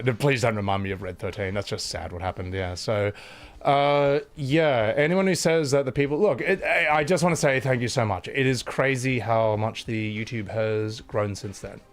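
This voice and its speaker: A man with a Scottish accent chatting casually on a live stream, blunt and sweary, thanking viewers between rants. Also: medium pitch. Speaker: livestreamer.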